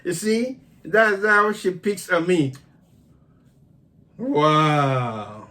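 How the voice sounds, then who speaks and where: A man's voice: high-pitched, very animated, extremely slow, sharp tone. A man co-hosting a couple's channel, chatting casually and teasing his wife back in a playful way. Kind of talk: casual chat.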